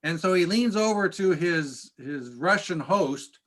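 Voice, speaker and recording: A man, a pastor, telling stories in a casual church class, chatty and halting with frequent restarts. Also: high voice, expressive. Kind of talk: casual storytelling lesson.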